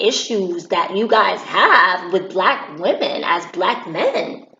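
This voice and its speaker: Preachy, animated woman vlogging. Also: mid-range voice, roomy sound, highs cut off. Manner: preachy, animated, acts out quotes. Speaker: commentary vlogger. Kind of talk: opinion vlog monologue.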